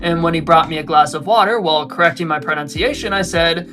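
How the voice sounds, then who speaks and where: A man's voice: on the high side, quick pace, over music. A young man narrating a travel vlog from a script, with self-deprecating, wry humor. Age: young adult. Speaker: travel vlogger.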